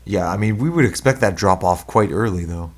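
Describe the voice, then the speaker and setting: A man co-hosting a podcast, talking in casual chat, animated and mocking, swearing freely. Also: low voice, brisk. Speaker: podcast co-host.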